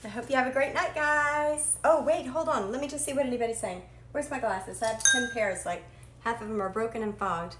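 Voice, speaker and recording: Woman cooking-show host, bright and chatty, self-deprecating, slightly high voice, echoey kitchen. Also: a little fast, a little hiss or hum. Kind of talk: live cooking stream chat. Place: home kitchen. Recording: echoey kitchen with faint clatter.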